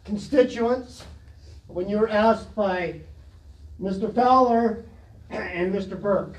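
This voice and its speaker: High-ish voiced guy talking real slow at a council mic, echoey room, sounds far off. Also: darkish tone. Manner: slow, halting, clears throat, then indignant. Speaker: resident speaking at public comment. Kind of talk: public comment. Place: council chamber. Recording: echoey chamber, distant mic.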